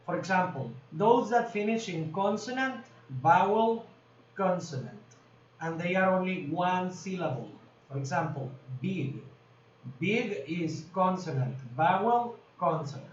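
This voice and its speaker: Slow, patient male English teacher. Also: sits high. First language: Spanish. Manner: slow, patient explaining with frequent "okay?" checks. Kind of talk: grammar lesson. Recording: distant, roomy, dull lo-fi recording with faint noise.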